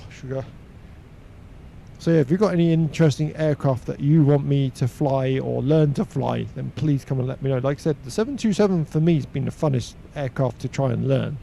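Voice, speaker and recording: A man chatting casually on a flight sim live stream, talkative and quick to laugh. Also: medium pitch, vocal fry, warm tone, a little hiss or hum. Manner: chatty, laughs easily, uses slangy exclamations.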